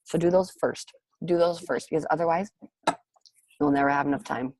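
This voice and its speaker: On a group call, a woman network marketing coach fires off rapid, gushing encouragement to her team in an upbeat pep talk. Her voice is lowish, gravelly and very animated, with noise in the background.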